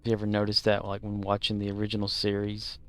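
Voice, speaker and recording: A man's voice: on the low side, monotone, fast, fairly bright tone, clear, resonant tone. A man, chatting casually and rambling with many fillers while streaming a game. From Southern United States. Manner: rambling and jokey, heavy on fillers. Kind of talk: casual gaming commentary.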